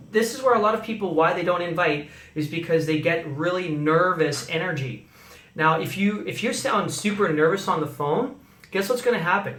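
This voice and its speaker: A man's voice: high-pitched, a bit bright. A man teaching how to invite people by phone, coaching and acting out sample calls, recorded on a phone. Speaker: sales trainer. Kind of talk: instructional talk to camera. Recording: echoey room, phone mic.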